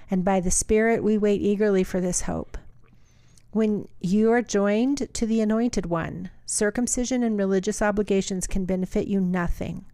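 A woman co-hosting a podcast, chatting casually and reading scripture aloud at a steady pace. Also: mid-range voice, no echo. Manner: reads aloud steadily, laughs easily. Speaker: podcast co-host.

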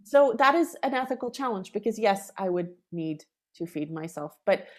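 A middle-aged woman composer in an interview, talking with animated emphasis and acting out the people she quotes. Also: medium pitch, moderate pace. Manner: animated, acts out quoted callers. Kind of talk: conversational interview.

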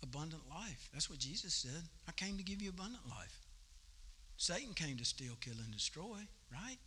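A man preaching a sermon at a church service, telling the story in a folksy, animated way. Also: on the high side, normal speed, slight background noise. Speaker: pastor.

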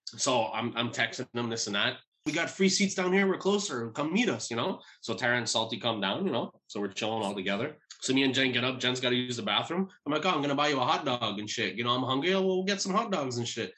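Bright-voiced man telling a rowdy story. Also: medium pitch, fast talker, hardly any pauses. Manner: profane, animated storytelling with acted-out quotes and laughs. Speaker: storyteller among friends. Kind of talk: casual podcast chat.

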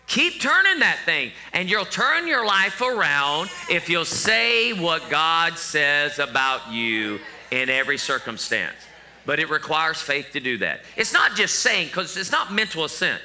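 A middle-aged male pastor delivers his sermon with a high, very bright voice. His pitch moves around freely, and he keeps it conversational with joking asides to the congregation. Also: animated, normal speed.

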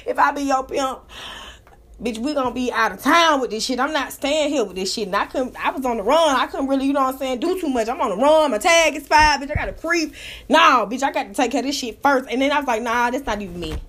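A woman with a slightly high voice hosts a casual live talk room. She rants and tells stories bluntly and with lots of profanity. Her delivery swings between low muttering asides and sudden loud, excited outbursts. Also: fast. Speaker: live audio room host. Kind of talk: casual storytelling rant.

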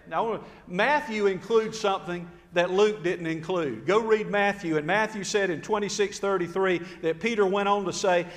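A man's voice: sits high, lively intonation, normal speed, in a large hall. A man preaching a sermon, telling the story dramatically and acting out the quotes. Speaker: pastor.

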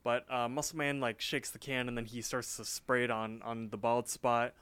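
A man's voice: medium pitch, level tone, moderate pace, fairly bright tone, clear, resonant tone, no room sound. A young man co-hosting a podcast, casually recapping a cartoon episode with a rambling manner full of "like" and "um". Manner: rambling, lots of "like" and "um". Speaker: podcast co-host.

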